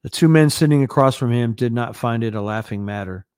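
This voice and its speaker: Smooth-voiced man reading a vision aloud. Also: medium pitch, brisk, darkish tone, no room sound, studio quality. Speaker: newscast host.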